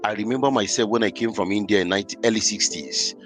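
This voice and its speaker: A man voicing his elderly landlord, who speaks in a gentle, reassuring way. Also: on the low side, quick pace, faint music behind, voice pushed down, close to an everyday voice. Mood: kind. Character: elderly male landlord, kindly and generous.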